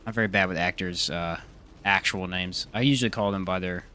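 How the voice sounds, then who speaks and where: A man's voice: deep voice, fairly even intonation, a little fast, pushed and bright, a little hiss or hum. A man streaming a live game, chatting casually, joking and answering his chat. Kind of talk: casual live gameplay commentary.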